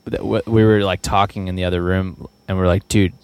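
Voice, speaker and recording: A man who plays in a band chats casually in an excited, emphatic and profane way. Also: low-pitched, brisk, smooth, no room sound. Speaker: band member. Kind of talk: casual chat.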